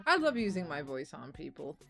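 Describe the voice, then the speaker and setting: A tired young woman streamer with a low, croaky voice that cracks, rambling and swearing casually between laughs. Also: a bit bright. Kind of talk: casual gameplay commentary.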